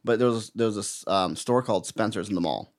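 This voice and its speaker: A man's voice: fairly low pitch, fairly quick. A man co-hosting a casual chat, telling stories animatedly and repeating words as he starts.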